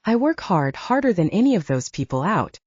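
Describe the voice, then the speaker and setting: A woman voicing a proud, ambitious young woman lawyer who speaks in a crisp, assertive courtroom manner, in a slightly muffled lo-fi recording. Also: medium pitch, very animated, a little fast, darkish tone, no echo. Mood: firm.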